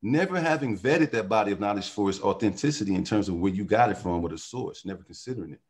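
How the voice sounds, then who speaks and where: Husky low-voiced man musing animatedly. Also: fast talker. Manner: animated, philosophical storyteller who riffs on word origins. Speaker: podcast guest. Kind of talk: casual podcast conversation.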